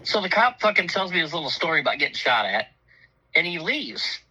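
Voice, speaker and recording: A man's voice: fairly high pitch, big pitch swings, brisk, pushed and bright, slightly rough, rough recording. A man telling a profane, funny story in casual chat, laughing often and acting out the voices of people in it. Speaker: storyteller on a talk show.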